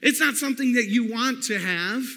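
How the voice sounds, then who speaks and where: A man preaching a sermon, telling a personal story in an animated way and calling out to the congregation. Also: very high-pitched, moderate pace. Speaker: pastor. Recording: long hall reverb.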